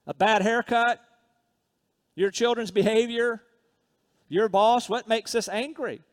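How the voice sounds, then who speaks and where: A man with a notably high voice preaches to his congregation, shifting between read scripture and easygoing personal asides. His voice rings through a large church hall with a long reverb tail. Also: fairly even intonation, takes it slowly. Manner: conversational preaching, reads scripture aloud, self-deprecating asides. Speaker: pastor. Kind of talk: sermon.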